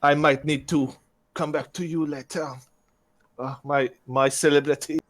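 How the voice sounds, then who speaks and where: A player in a tabletop game voices a ship's captain in character, hesitant and stammering. His voice is a little high with little pitch movement, and he speaks unhurriedly.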